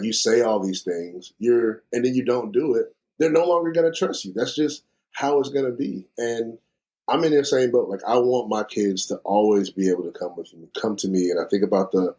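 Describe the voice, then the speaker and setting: A man's voice: lowish voice, brisk, dark tone. A man hosting a podcast, talking reflectively and thinking aloud in casual conversation. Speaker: podcast host.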